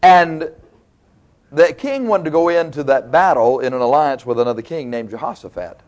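A man preaches in a folksy, colloquial style, acting out old stories with drama. His voice sits somewhat high for a man. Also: animated, moderate pace, darkish tone. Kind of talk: sermon, storytelling.

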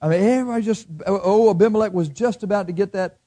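A middle-aged man preaching a sermon, swinging between loud bursts and hushed asides and acting out the voices of his listeners. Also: high voice, fast. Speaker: pastor.

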